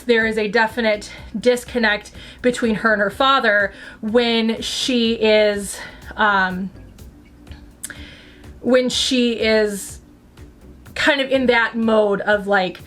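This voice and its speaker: A woman's voice: a little high, fairly even intonation, slow, a bit bright, soft background music. A woman hosting a casual opinion vlog at home, talking in a rambling, chatty way with plenty of fillers and restarts. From United States. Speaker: channel host reviewing a TV franchise.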